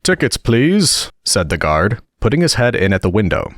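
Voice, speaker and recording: A man reads a relaxing audiobook in a gentle, expressive way. His pitch moves very freely, and the recording is close and dry, with no room sound. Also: brisk, no room sound. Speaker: audiobook narrator.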